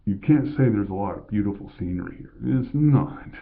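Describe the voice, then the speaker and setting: Older man from Colorado, low voice, rambling casual vlog talk, thin phone-like audio. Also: animated, a little fast, vocal fry. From Colorado, USA. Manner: rambling, conversational, with self-corrections. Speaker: vlogger. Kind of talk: casual monologue. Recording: tinny phone-like sound.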